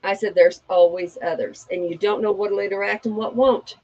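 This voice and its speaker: A woman's voice: mid-range voice, steady tone, normal speed, darkish tone, lo-fi sound. A woman co-hosting a chat show, telling a family story frankly and giving advice. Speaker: co-host. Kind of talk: candid personal chat.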